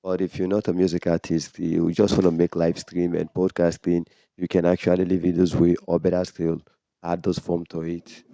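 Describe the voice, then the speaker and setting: A man's voice: low voice, normal speed, gravelly, no room sound, clean studio sound. A man hosting a casual how-to video, explaining equipment step by step and speaking into a condenser microphone. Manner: relaxed, explains step by step with many "so"s. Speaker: tech tutorial host. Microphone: condenser microphone through a sound card.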